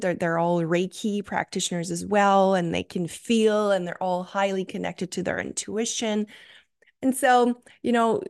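A young adult woman hosting a solo podcast, telling a story with gushing enthusiasm and many fillers. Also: mid-range voice. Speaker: podcast host.

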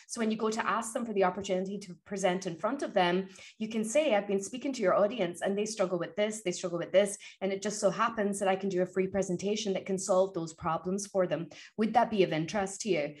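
A woman guest on an interview, coaching on public speaking and telling stories in an energetic, motivational way. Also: mid-range voice. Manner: energetic, motivational, animated retelling. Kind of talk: conversational interview, storytelling.

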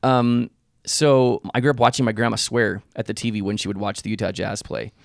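A man's voice: on the low side, level tone, brisk, gravelly, dry recording, clean studio sound. A man in his thirties co-hosting a podcast, telling candid personal stories in casual chat and laughing often. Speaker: podcast co-host, husband.

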